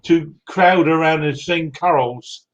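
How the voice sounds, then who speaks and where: A man's voice: fairly high pitch, takes it slowly, highs cut off. A man hosting a casual group video call, friendly and teasing, calling everyone mate. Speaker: livestream host.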